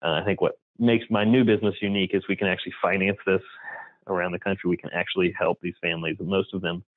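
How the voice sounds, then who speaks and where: A man's voice: low voice, flat delivery, quick pace, no echo, phone-quality sound. A man in his forties from Virginia, giving a candid conference talk full of personal stories and frequent fillers. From Virginia, USA. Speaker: keynote speaker.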